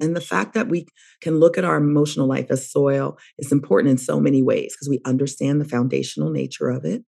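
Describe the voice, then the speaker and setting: A woman's voice: deep voice, creaky, warm tone, breathy edge. A middle-aged woman therapist, a guest on a podcast interview, talking in a reflective, emphatic way.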